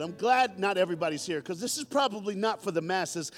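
A male pastor preaching a sermon with call-and-response, building to loud climaxes. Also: high voice, expressive, brisk, hardly any pauses, faint music behind. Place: church.

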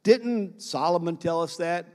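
A man's voice: on the high side, unhurried, a little mellow, in a large hall. A man preaching a sermon as pastor, speaking to the congregation with repeated phrases and questions.

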